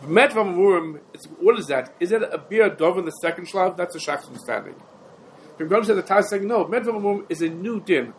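A man teaches a halachic text in an animated lecture. He asks questions and answers them himself, in a fairly high voice. Faint room hum sits behind him. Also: brisk, low-quality recording. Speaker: Talmud teacher. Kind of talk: yeshiva-style halachic lecture.

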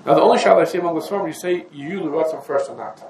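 A man gives a Torah lesson in a somewhat high voice, working his way through the sources in a loose, conversational manner. His talk is sprinkled with Hebrew and Yiddish terms. The recording is roomy and echoey, with faint ambient noise behind him. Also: lively intonation, rapid-fire, darkish tone. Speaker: Torah teacher. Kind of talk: halachic lesson.

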